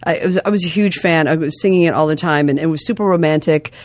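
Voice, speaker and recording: A woman's voice: low-pitched, quick pace, a little mellow, dry recording, studio quality. A woman, a comedian guest, rambling in casual chat, self-deprecating and full of restarts. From United States.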